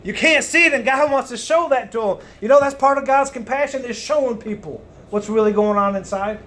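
Loud, high-voiced man preaching a sermon. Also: a little fast. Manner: loud, emphatic, swings between booming and hushed.

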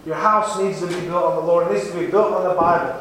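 A man's voice: high-pitched, steady tone, fast, a bit bright. A man giving an earnest, repetitive testimony sermon in a church. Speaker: lay preacher giving testimony. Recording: echoey church room, faint noise.

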